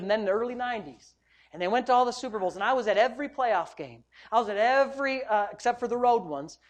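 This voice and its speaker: Joking, animated middle-aged preacher man. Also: sits high. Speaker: pastor. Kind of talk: sermon.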